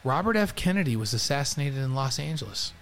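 A man in his sixties co-hosts a casual sports talk show and talks into a headset mic. He is a lively storyteller with a mid-range voice. He breaks into bits of song and chats easily with his partner. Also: mid-range voice, quick pace, creaky. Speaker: co-host.

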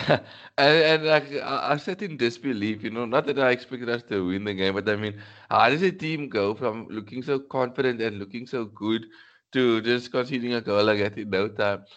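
A man's voice: medium pitch, moderate pace, a bit bright. Male fan co-host, emphatic and exasperated, muffled lo-fi recording. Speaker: football podcast co-host. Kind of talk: casual football chat. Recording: dull lo-fi audio.

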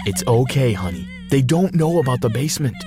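A man voicing Charles, a paranoid wealthy adoptive father, urgent and panicky, in a raised voice for an animated story. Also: medium pitch, a little fast, music in the background, natural voice. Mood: soothing.

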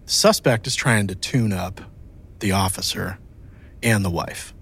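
A man's voice: low voice, a little slow, fairly bright tone, slightly rough. A man who works as a police watch commander, telling blunt, swear-laden stories in casual chat.

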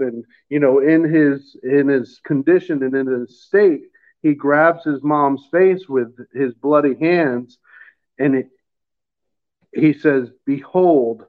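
A man in middle age telling his faith story in casual chat, halting and repeating words as he gets emotional. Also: medium pitch. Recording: phone-line sound.

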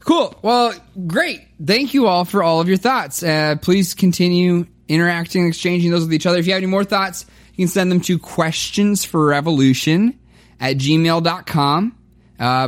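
A man hosting a church podcast, joking and rambling through announcements and banter. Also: on the high side. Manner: jokey, rambling. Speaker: podcast host. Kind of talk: casual chat.

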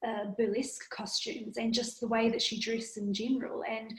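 Woman guest, fashion designer, higher voice, lively storyteller, roomy echo. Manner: animated storytelling, quick bursts. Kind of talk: casual interview. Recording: echoey room.

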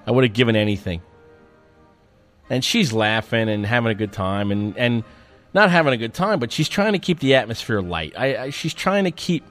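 Radio guy telling a story about himself, medium pitch, swears a lot, loud then muttering, faint music behind. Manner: wry, self-mocking, swears freely; lively, swings between loud outbursts and muttering. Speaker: radio host. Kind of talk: storytelling monologue.

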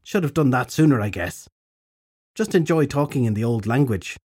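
A man's voice: medium pitch, animated, moderate pace, darkish tone, breathy edge. A man voicing a blunt, sardonic old female fairy crone in an audiobook, speaking in a dry, offhand way.

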